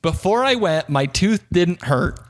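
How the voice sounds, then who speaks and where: A young man with a fairly high voice tells a story on a podcast, swinging his voice way up when he acts out the other side. His delivery is loose and chatty, straight into a desk mic. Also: a little slow. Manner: animated storyteller, acts out both sides with big pitch jumps. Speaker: podcast co-host. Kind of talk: casual chat.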